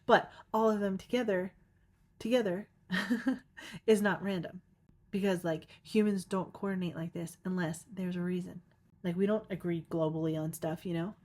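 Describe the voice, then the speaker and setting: A woman's voice: lowish voice, a little mellow. A young woman hosting her own podcast, rambling casually with lots of filler words and frequent giggles. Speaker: podcast host. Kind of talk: casual solo podcast monologue.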